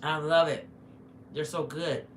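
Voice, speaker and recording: A middle-aged woman livestreams from home, eating while chatting casually with her viewers. Her voice is low and steady, and she doesn't rush. She's on a phone mic in an echoey room with faint noise.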